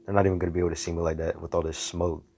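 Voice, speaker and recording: A man's voice: deep voice, level tone, very fast, gravelly, a little mellow, a little hiss or hum. A man voicing a brash, cursing young male hero who talks in blunt slang. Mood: exasperated. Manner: slangy, profane, exasperated.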